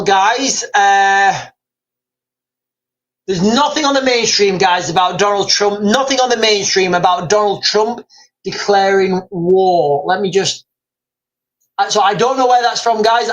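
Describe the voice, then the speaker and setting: A man's voice: sits high, fairly bright tone, dull audio. A man hosting a livestream, ranting and rambling with emphatic repetition. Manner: rambling, fast and emphatic, repeating himself. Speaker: livestream host.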